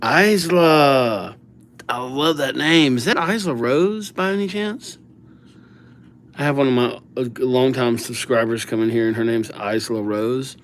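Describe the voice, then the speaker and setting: A man's voice: mid-range voice, unhurried. A man hosting a casual livestream, reading out viewer names while he writes them, in an easygoing way. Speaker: livestream host.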